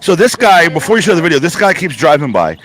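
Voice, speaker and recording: A man's voice: fairly high pitch, sing-song, quick pace, fairly bright tone. A man reporting live from a protest site in an urgent, emphatic and blunt way, swearing freely. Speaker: on-the-ground reporter. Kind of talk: live remote interview.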